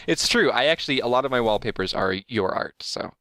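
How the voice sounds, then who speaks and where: A man's voice: medium pitch, expressive, moderate pace, sharp tone, no room sound, studio quality. A man hosting a casual podcast chat, rambling with many filler words. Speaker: podcast host.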